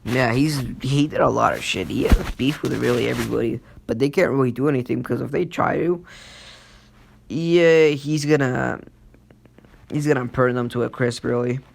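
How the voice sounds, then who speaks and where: A man's voice: medium pitch, fairly even intonation, normal speed, creaky, slight background noise. A young man casually improvising a fan story, rambling with lots of fillers and self-corrections.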